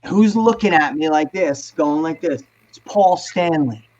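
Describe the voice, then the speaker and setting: A man, telling animated, profane stories as a guest on a video call. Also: fairly high pitch, measured pace, lo-fi sound. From New Jersey. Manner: animated, profane storyteller, acts out quotes. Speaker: guest musician. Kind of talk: casual storytelling on a video call panel.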